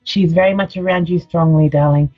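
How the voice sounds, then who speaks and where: A woman's voice: on the low side, fairly even intonation, brisk. Soothing woman psychic, lo-fi audio. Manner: soothing, affectionate, calls caller sweetheart. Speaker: psychic medium. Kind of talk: live radio psychic reading.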